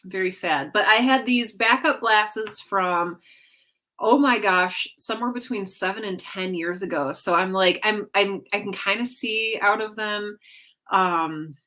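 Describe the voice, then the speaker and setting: A woman hosting a relaxed weekly livestream from her home. She chats with viewers and rambles, often pausing on fillers and correcting herself mid-sentence. Her voice sits at a medium pitch. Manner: chatty, with many fillers and self-corrections. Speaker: livestream host. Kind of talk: casual chat with a live audience.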